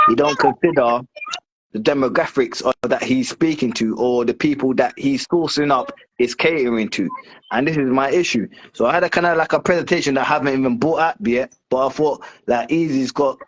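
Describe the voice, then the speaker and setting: A man's voice: mid-range voice, poor audio. A man who is a guest in a casual discussion, explaining his view at length with many fillers and restarts.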